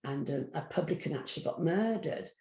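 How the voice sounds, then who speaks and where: A woman's voice: low-pitched, expressive, a little fast, warm tone. A middle-aged woman, telling stories as a guest in an interview and acting out the voices in her anecdotes. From English Midlands. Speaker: guest psychic medium. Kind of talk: storytelling in an interview. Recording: roomy echo.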